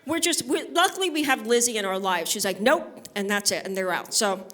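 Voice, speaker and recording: On stage at a live benefit, a stand-up comedian from Brooklyn, New York talks a little fast in a mid-range, slightly bright voice. Her set is brash and chatty, mixing bawdy tales with crowd work.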